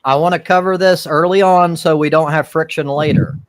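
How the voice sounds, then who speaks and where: A man's voice: on the high side, steady tone, normal speed, a crowd in the background. A man hosting and moderating a live-stream debate who lays down rules firmly. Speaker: host.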